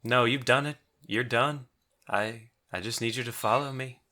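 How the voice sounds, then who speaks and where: A man voicing a polite gnoll gentleman in a monocle, with a mannered accent that slips on and off. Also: medium pitch, steady tone, moderate pace, voice pushed up, lightly acted. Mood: courteous. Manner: mannered, a put-on accent that comes and goes.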